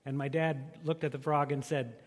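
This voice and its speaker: A pastor preaches in an easygoing, joking way, his voice on the higher side for a man. It rolls out into a big space, trailing a long reverb. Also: level tone, moderate pace. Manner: joking, conversational. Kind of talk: sermon.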